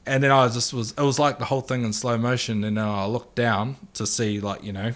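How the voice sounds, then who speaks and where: A man in his thirties with a New Zealand accent, a guest telling a lively anecdote in casual chat and acting out the quotes. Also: medium pitch, brisk.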